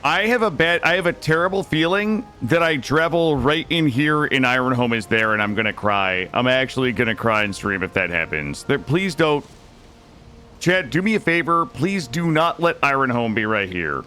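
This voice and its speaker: A man's voice: mid-range voice, expressive, normal speed, pushed and bright, soft background music. A young man live-streaming a video game, talking anxiously and dramatically to his chat as he plays.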